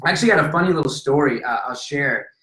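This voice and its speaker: Animated storytelling man, roomy sound. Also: fairly high pitch, quick pace. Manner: animated, acts out voices in anecdotes. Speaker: podcast guest. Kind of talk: casual storytelling. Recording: roomy echo.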